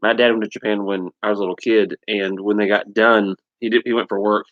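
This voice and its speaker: A man's voice: fairly low pitch, level tone, a little fast, dull audio. A man co-hosting a live stream, telling stories in a casual, emphatic way. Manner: storytelling, emphatic.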